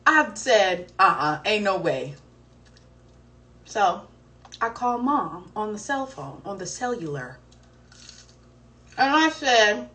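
A young woman hosts a live stream from home, answering viewer questions and telling a story in an animated, slangy, profane way full of cursing and exclamations. Her mid-range voice is slow with frequent pauses, a bit distant from the mic, over faint background noise.

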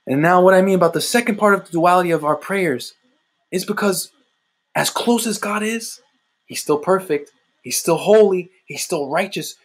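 Husky-voiced preacher, impassioned. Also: male voice, high voice, moderate pace. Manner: impassioned, repetitive, addresses listeners as "guys". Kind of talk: sermon.

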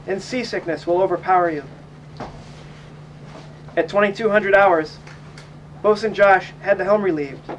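Young guy reading his sea memoir, calm and reflective, high voice, sounds a bit far from the mic. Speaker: audiobook narrator. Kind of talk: first-person memoir reading. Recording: faint noise, voice set back from mic.

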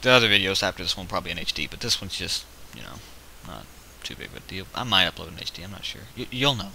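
Game video host, male, low and bright-edged, casual rambling commentary, counts aloud; faint hiss on a home mic. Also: animated, quick pace, gravelly, rough recording. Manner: rambling, counts units aloud, self-correcting. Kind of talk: casual let's-play commentary.

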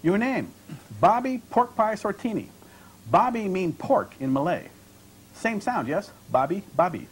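A man's voice: high voice, expressive, measured pace, husky, pitched above the performer's own voice, full character voice. A man reading aloud from his novel, voicing a terse, stern middle-aged male hotel clerk who speaks clipped broken English. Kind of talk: author reading dialogue aloud.

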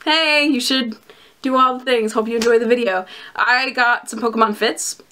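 A bubbly young woman talks casually to her camera, giggling often as she chats. Her voice sits a little high and has a bright, forceful edge. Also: normal speed, slight background noise. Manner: giggly and bubbly, with frequent laughs and fillers. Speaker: vlogger reviewing plush collectibles.

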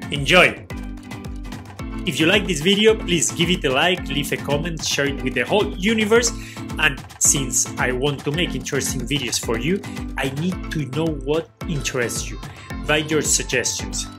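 A woman reads a scripted outro in an upbeat, promotional manner. Her voice is very low. Clear music plays beneath her. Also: animated, normal speed. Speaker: channel outro voice.

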